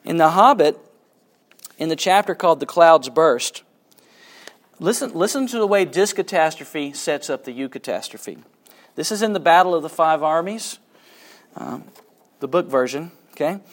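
A man giving a literature lecture, reading passages aloud with dramatic swings between excitement and hushed quiet. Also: a little high, moderate pace, long pauses. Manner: dramatic reading, rising with excitement and dropping to a hush.

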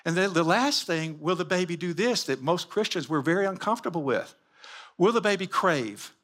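A man's voice: sits high, lively intonation, moderate pace, a bit bright. A man giving a sermon-style teaching with slides, emphatic and full of repeated rhetorical questions. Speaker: Christian teacher.

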